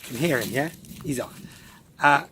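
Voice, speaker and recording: A man's voice: medium pitch, unhurried, pushed and bright, slight background noise. A man chatting casually in a rambling, self-deprecating monologue recorded outdoors in the countryside. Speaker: vlogger host.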